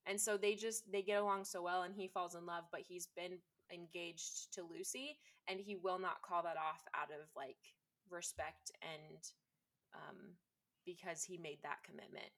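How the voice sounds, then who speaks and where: A woman's voice: fairly low pitch, little pitch movement, moderate pace, fairly bright tone. A woman chatting casually and enthusiastically, with lots of fillers. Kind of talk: casual chat.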